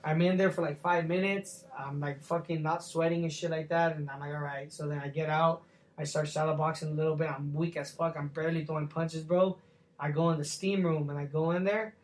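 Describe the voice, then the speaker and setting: A young man speaks in a fairly high voice, a professional boxer recounting his fights in a relaxed interview. His talk is loose and slangy, packed with fillers and casual swearing. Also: brisk.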